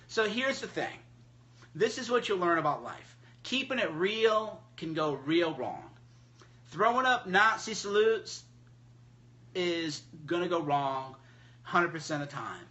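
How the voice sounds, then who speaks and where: A man's voice: sits high, animated, measured pace, pushed and bright, muffled recording. A man hosting a phone livestream, talking in a blunt, mocking, emphatic casual monologue. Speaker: livestream host.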